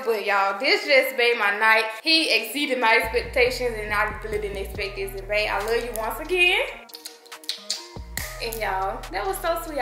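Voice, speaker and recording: Playful memphis girl vlogging at home, high voice, music in the back. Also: sharp tone. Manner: playful, bubbly, teasing. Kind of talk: casual couple vlog chat. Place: at home indoors. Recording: roomy sound with music behind.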